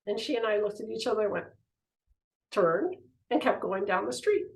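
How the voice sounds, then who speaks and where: Animated woman telling teaching stories. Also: mid-range voice, normal speed, low-quality recording. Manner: animated storytelling, acts out the voices in her stories. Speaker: spiritual teacher. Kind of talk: teaching talk with personal stories.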